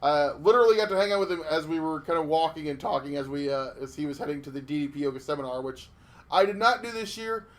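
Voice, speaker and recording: Male podcast co-host, fairly high voice, swears freely and restarts sentences often, chatty and animated storyteller. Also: fast talker. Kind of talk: casual podcast chat.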